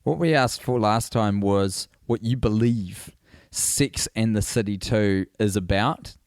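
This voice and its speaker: A man's voice: on the low side, takes it slowly, darkish tone, no room sound, studio quality. A man co-hosting a podcast in casual chat, riffing playfully in long rambling runs. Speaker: podcast co-host.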